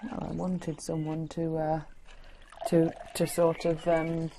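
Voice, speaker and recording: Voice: mid-range voice, completely flat delivery, takes it slowly, background noise. A performer playing a chatty, aggrieved elderly woman in a care home, with a northern English accent, in an improvised comedy. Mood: complaining.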